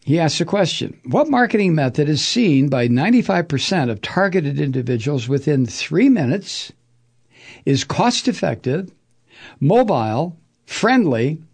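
A fairly high, creaky voice with a darkish, husky tone belongs to a man running a political talk radio program. He swears, gets heated, throws sarcasm and mocking impressions around, then moves on to reading ads from sponsors.

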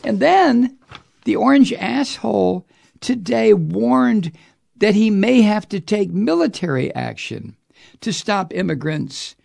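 A male talk host delivering fiery, profane political commentary with biting sarcasm. His voice sits high and moves with lively swings, roughened by a gravelly creak.

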